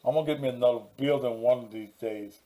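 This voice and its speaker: A man's voice: medium pitch, fast talker, dark tone, rough recording. A man hosting his own talk show as a pastor, bantering dryly and cussing casually. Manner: dry, teasing, profane.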